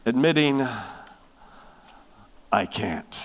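Male pastor preaching slow, leans hard on words then drops to a hush, high voice. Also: sing-song. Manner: emphatic, swinging from loud stresses to hushed near-whispers. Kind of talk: sermon.

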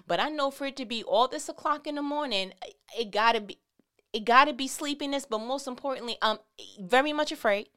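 Smooth-voiced woman preaching casually. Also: high-pitched, brisk, pushed and bright. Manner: conversational, repetitive emphatic phrasing. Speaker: Christian speaker.

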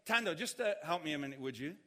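A man preaching a sermon, telling a funny story and acting out the panic of others in shouts. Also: a little high, animated, fast talker. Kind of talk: sermon with humorous anecdote. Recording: hall reverb.

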